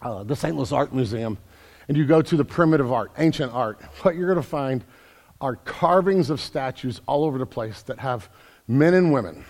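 A man preaching a sermon as pastor, building from quiet earnest talk to loud emphatic calls. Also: mid-range voice, lively intonation, moderate pace. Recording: long hall reverb.

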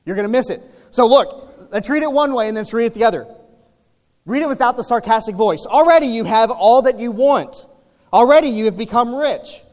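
In a reverberant hall, a high-voiced pastor preaches his sermon in a chatty style. He leans on humor and asks rhetorical questions as he goes.

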